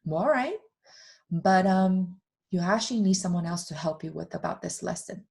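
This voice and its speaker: A woman voicing a calm, reassuring God in a spoken story, patient and kind. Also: lowish voice, moderate pace, vocal fry. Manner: gentle, patient.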